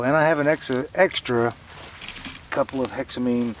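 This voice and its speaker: A man's voice: medium pitch, steady tone, moderate pace, far from the mic. A middle-aged man vlogging casually at a campsite, rambling with many fillers and restarts. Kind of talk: casual solo camping vlog. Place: outdoor campsite. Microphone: camera mic. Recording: noisy camera audio with autofocus clicks.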